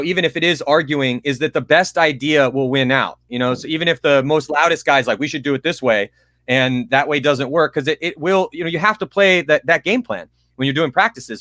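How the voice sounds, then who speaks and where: A man's voice: fairly high pitch, pushed and bright, no echo, studio quality. A young man hosting a casual interview, asking long, rambling questions with a joking manner. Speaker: host.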